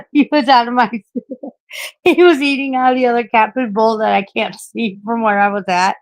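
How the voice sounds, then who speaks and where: A woman's voice: a little high, steady tone, moderate pace. A woman in her forties chatting casually on a late-night live stream, rambling, swearing a lot and laughing at herself. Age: 40s.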